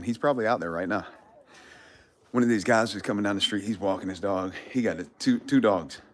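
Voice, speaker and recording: Guy with a really deep voice telling a story on his phone out in his yard, cussing and bragging a lot. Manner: profane, swaggering, laughs between lines. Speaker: vlogger hosting a giveaway livestream. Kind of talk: casual storytelling livestream. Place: outdoors in a yard. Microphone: phone held at arm's length.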